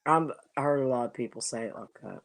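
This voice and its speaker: A woman chatting casually while crocheting on a live stream, relaxed and self-deprecating. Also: a bass voice, fast talker, gravelly, no echo. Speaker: crafter co-host.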